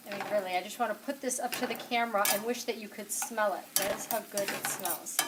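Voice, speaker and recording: A woman's voice: medium pitch, fairly even intonation, fast talker. A woman hosting a home cooking video, chatty and enthusiastic, talking straight to the viewer as she cooks. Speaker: home cooking show host. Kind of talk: casual cooking demonstration. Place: home kitchen. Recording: distant camera mic, kitchen noise. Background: cooking sizzle and utensil clatter.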